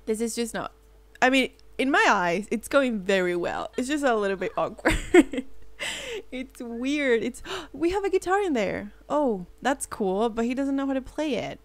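A young woman talks through a life-sim game in a bubbly, excitable way, full of giggles, gasps and nervous fretting. Her voice sits a little high. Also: normal speed, no room sound. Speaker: gaming channel host. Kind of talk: let's play commentary.

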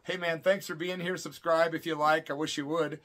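Slangy storyteller man, slightly high voice. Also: level tone, normal speed, fairly bright tone. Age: middle-aged. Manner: loose, slangy, emphatic retelling with fillers like "man" and "folks". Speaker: channel host telling a personal story. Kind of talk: casual storytelling to camera. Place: home at night.

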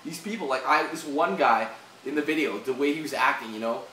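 Venting on his video channel, this young Canadian man swears heatedly and keeps repeating his restarts. He speaks briskly in a mid-range voice with a bright, forceful tone, and the sound is distant and echoey with a faint hiss.

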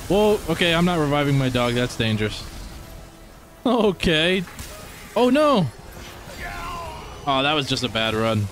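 Young male streamer, casual gameplay commentary, excitable and foul-mouthed, slow delivery, animated pitch. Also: faint music behind. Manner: excitable, swears a lot, talks to viewers. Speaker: gaming streamer.

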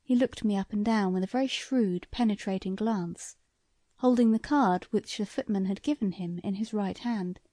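Reading a classic short story aloud as an audiobook narrator, a woman keeps her scripted delivery measured and even in a mid-range voice. The sound is clean and studio-made, free of any room sound.

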